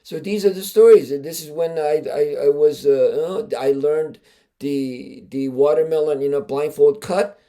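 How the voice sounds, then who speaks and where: A man, a martial arts grandmaster hosting a podcast, tells stories in a casual, animated way, stressing key words and often restarting with fillers. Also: on the high side, measured pace. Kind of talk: casual storytelling.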